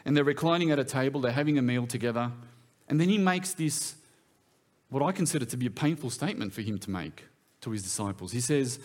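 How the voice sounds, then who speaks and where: A man's voice: mid-range voice, animated, quick pace, a little mellow. A man preaching in a church, talking in a conversational way and often putting questions to his listeners. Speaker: pastor. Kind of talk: sermon.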